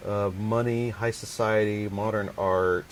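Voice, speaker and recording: A man's voice: lowish voice, fairly even intonation, a little slow, slight background noise. Man hosting, hesitant with ums. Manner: hesitant, many ums and restarts. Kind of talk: casual podcast chat.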